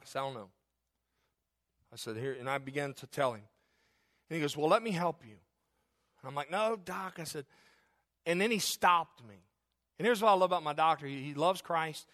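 A middle-aged male pastor preaching a sermon in a conversational way, with joking asides and loud, emphatic stretches. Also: on the high side.

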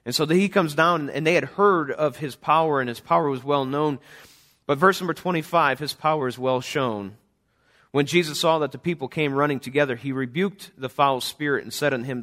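A man's voice: on the high side, brisk, fairly bright tone. A man preaching a sermon earnestly, reading scripture and speaking as a father to the parents in his church. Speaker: pastor; father of a young son.

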